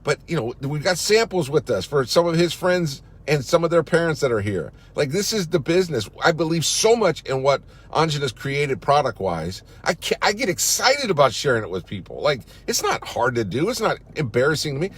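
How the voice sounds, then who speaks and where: A man's voice: fairly high pitch, sing-song, a little fast, few pauses, breathy edge. A company CEO, a man, giving a fired-up, salesy pep talk on a live social-media broadcast, outdoors in a park.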